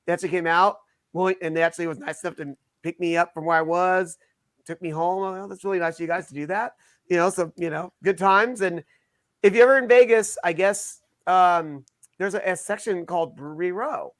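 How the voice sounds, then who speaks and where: A man co-hosting a casual podcast, chatty and joking, full of quick asides. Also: high voice, no echo, studio quality. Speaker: podcast co-host. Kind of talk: casual chat.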